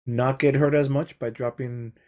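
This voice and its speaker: A man's voice: mid-range voice, level tone, normal speed, darkish tone. A man playing a tabletop game, asking about rules and tallying his damage. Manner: checks rules with questions. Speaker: player. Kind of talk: tabletop game play over voice chat.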